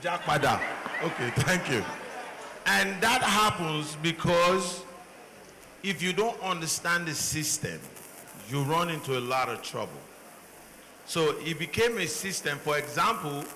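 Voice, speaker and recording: A man with a Nigerian accent speaking on a panel, telling stories with animated exchanges. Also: on the high side, measured pace, slight background noise. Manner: animated storytelling, acts out exchanges. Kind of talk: panel talk. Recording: long hall reverb, faint ambience.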